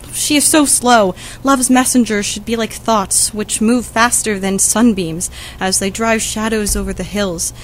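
A woman's voice: mid-range voice, slight background noise, close to an everyday voice, low-quality recording. A woman reading as an eager young girl in love, impatient and pleading, for a school audiobook. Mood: wistful. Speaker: student reader.

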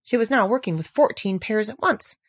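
A woman reading a classic children's storybook aloud with expressive, animated narration. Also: mid-range voice, brisk, husky, no room sound, studio quality. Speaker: audiobook narrator.

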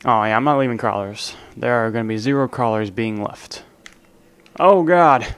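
Leaning into his desk mic to carry over the game, a young man hosting a gaming channel commentates live on an online zombie match. He keeps it relaxed and jokey, counting kills and poking fun at the random teammates beside him. His voice is mid-range and clean, at a normal speed.

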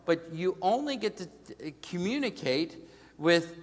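A middle-aged male pastor preaching a storytelling sermon, dropping to a hush and then rising to loud emphasis. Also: high voice, expressive, unhurried. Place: large church sanctuary. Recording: long reverb of a large church hall.

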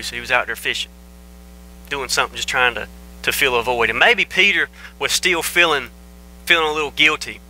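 A man preaches with a sharp, bright, forceful voice. He hammers his points home by repeating short phrases. It is a plain, earnest church sermon. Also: mid-range voice, poor audio. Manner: emphatic, repeats phrases for stress. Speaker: pastor.

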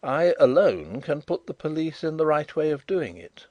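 A man reading the part of a shrewd, good-humoured gentleman detective who speaks with assured, measured courtesy. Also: on the high side, sing-song, no room sound, voice pushed up.

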